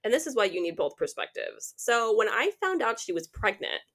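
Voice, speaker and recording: A young adult woman co-hosting a casual podcast chat, telling stories with lively re-enacted quotes. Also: fairly quick. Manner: animated storytelling, acts out quotes with big pitch jumps. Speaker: podcast co-host.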